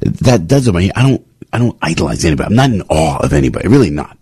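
Gravelly low-voiced radio host. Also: male voice, sing-song, quick pace, mellow, no echo, clean studio sound. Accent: New York. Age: older. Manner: frank, rambling, repeats words and restarts; gets worked up and rises in pitch. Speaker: radio talk show host. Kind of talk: morning talk radio monologue.

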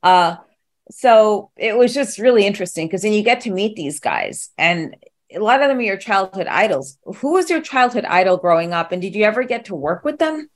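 A woman's voice: mid-range voice, very animated, moderate pace. Rambling, jokey woman host. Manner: rambling, jokey, easily sidetracked. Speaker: podcast host, interviewer. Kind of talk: casual interview chat.

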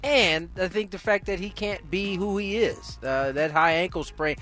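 A man on a sports debate panel, his voice slightly high. He often stumbles and restarts his sentences. Then he drives his points home emphatically. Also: normal speed, bright, forceful tone, faint music behind.

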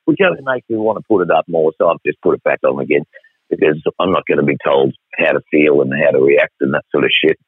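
Over a tinny, dry phone line, this Australian radio guest in middle age speaks fast in an extremely low, husky voice. He spins a wry, profane, wandering yarn for listeners, with no room sound at all.

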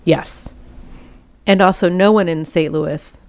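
Rich: A woman with a low voice full of vocal fry chats as a podcast co-host. She jumps in often with short, wry agreement and brief remarks of her own. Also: fairly even intonation, takes it slowly, a little mellow. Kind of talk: casual discussion.

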